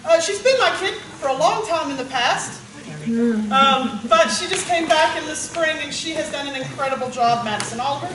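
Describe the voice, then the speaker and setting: A woman who directs a band, announcing student awards at a banquet and calling out names with warm pride. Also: sits high, lively intonation, moderate pace. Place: school gym. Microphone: far from the recording device. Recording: echoey gym taped from far off. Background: crowd murmur and noise.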